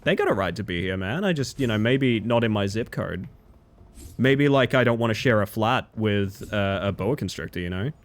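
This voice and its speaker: A man streaming a game from home and chatting casually in a rambling, animated way. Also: on the low side, normal speed. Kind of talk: casual chat while gaming.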